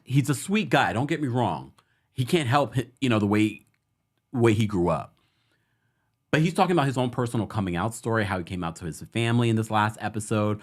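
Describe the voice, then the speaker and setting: A man's voice: medium pitch, fairly bright tone. A man hosting a casual online talk show, chatting and laughing often as he gives his opinions. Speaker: host. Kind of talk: casual chat.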